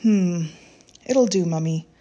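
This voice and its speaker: A woman's voice: fairly low pitch, slow, dark tone, lo-fi sound. A woman reading a story, voicing her nine-year-old daughter, who is curious and self-assured and speaks in an earnest, matter-of-fact way.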